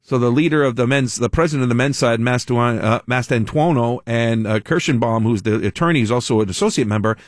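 A man's voice: medium pitch, a little fast, few pauses, dry recording, studio quality. A man hosting a call-in talk radio show, reading news aloud with wry asides in a conversational way. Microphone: studio mic.

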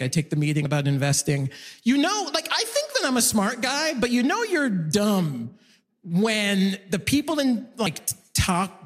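A man performing a loud, animated stand-up comedy set in a large concert hall, acting out characters in his stories. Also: high voice. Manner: animated, loud jokey delivery with voiced characters. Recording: live hall recording with reverb. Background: audience laughter.

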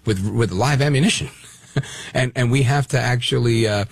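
Gravelly-voiced talk radio host, emphatic. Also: male voice, medium pitch, normal speed, no room sound. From Brooklyn, New York. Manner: emphatic, conversational, many fillers. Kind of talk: talk radio monologue and call-in.

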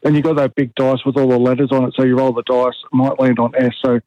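A man's voice: medium pitch, little pitch movement, fast talker, dry recording. A man with an Australian accent calling in to a radio show, explaining a game step by step. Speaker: caller. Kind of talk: phone-in call. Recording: dull phone line.

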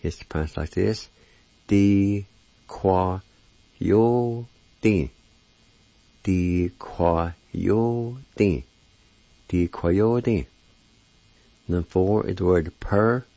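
This man speaks in a deep, creaky voice with a dark tone, moving slowly and leaving long pauses. He's giving a language lesson, spelling and repeating every word with care for pronunciation practice. The lo-fi recording sounds dull and dry.

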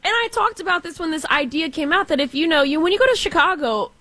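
A woman's voice: very high-pitched, animated, quick pace, sharp tone, no room sound. A woman co-hosting casual sports chat, chatty and teasing, often laughing.

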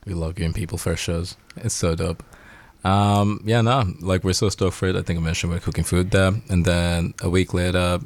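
A man's voice: low-pitched, steady tone, moderate pace, hardly any pauses, dry recording. A man from Sri Lanka, a guest band member in casual chat, laid-back and slangy, laughing often and tired late at night.

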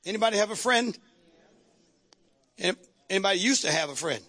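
A man preaching a sermon to his congregation, calling out to the crowd and shouting at the peaks. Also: high-pitched, lively intonation, brisk. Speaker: pastor. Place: church sanctuary.

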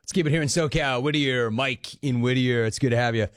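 Brisk and mid-range in pitch, a radio host takes calls on his show, riffing in a playful, jokey, sing-song way.

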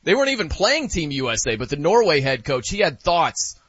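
A man hosts a sports talk show in a lively, casual way, often laughing and acting out quotes. His voice is bright and a little husky. The sound is dry and close but dull and lo-fi. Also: on the high side, brisk, no echo. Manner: animated, laughing, acts out quotes.

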